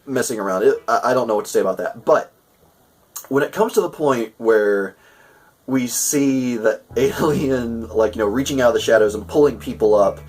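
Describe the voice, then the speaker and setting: A man's voice: medium pitch, moderate pace, a little mellow, breathy edge. A man hosting a casual episode review, talking in a rambling, chatty way and often restarting his sentences. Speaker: show host reviewing an episode. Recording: voice a bit far from the mic, faint music.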